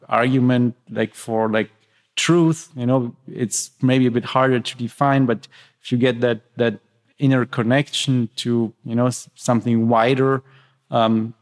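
A man on a group podcast, thinking aloud in halting sentences full of fillers. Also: medium pitch. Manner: halting, many fillers and restarts. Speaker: podcast panelist. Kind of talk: casual group discussion.

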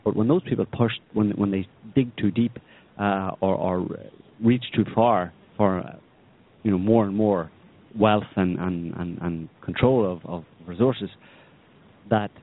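A man's voice: fairly low pitch, a little slow. A man co-hosting a podcast, ranting sardonically about politics and the economy, rambling with many restarts. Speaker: podcast co-host. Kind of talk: opinionated political chat. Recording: tinny phone-like sound.

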